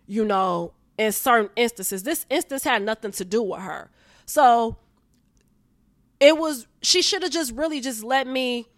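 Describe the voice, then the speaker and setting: A woman's voice: high-pitched, a bit bright, dry recording. A woman, venting to her viewers in a heated, profane, repetitive way. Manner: heated, profane, repeats herself. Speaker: vlogger.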